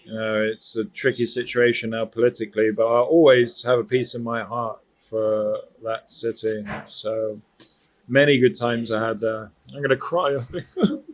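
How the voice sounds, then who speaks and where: A man's voice: lowish voice, little pitch movement, moderate pace, rough recording. A British man joining as a guest in a casual chat, full of self-deprecating jokes. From Britain. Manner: joking, self-deprecating banter.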